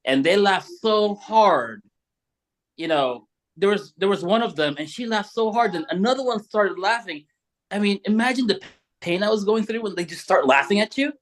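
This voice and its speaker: Earnest man with a higher voice. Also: lively intonation, moderate pace. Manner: earnest, stumbles and repeats words. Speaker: panelist on a men's talk show. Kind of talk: casual discussion.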